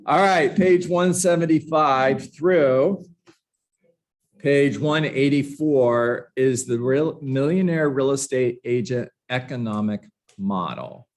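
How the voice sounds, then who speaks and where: A man teaching a live book-study lesson to a room of agents, passionate and emphatic, with sarcastic asides. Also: mid-range voice. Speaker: real estate trainer.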